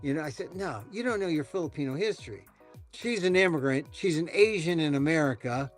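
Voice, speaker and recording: A man hosting a casual talk show, rambling and animated, with many restarts. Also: on the high side, brisk, faint music behind. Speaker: podcast host. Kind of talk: casual chat.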